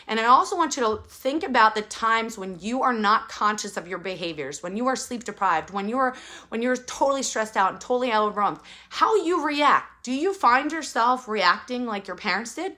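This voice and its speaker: A parenting coach in her thirties gives parents an urgent, emphatic motivational talk, repeating her key phrases. Her medium-pitched voice is bright and forceful.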